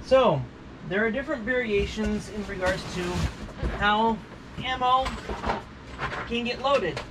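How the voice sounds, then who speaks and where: A man's voice: sits high, slow pace, noisy background. A man hosting a casual gear review vlog, talking in a jokey, rambling way with self-mocking asides. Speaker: channel host.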